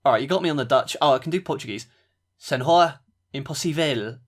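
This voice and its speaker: A man's voice: mid-range voice, rapid-fire. A man co-hosting a podcast, chatting casually and rambling with fillers while reviewing a wrestling event. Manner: relaxed, rambling, with fillers and laughs. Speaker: podcast co-host.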